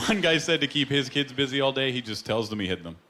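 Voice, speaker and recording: On a comedy club stage, a man performs stand-up, telling stories with punchlines and doing voices for the people he quotes. He talks fast with lively intonation at a medium pitch. The live recording is noisy, with loud audience laughter and clapping.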